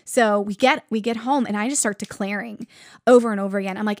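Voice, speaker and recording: A woman's voice: mid-range voice, fairly even intonation, fast talker, dry recording, clean studio sound. A young woman giving an earnest devotional message, telling a story and making emphatic declarations. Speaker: Christian teacher.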